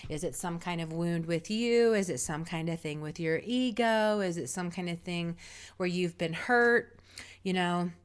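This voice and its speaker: A woman's voice: fairly low pitch, measured pace, smooth. A woman giving casual spiritual advice in a reflective, meandering, conversational way. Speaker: spiritual guide.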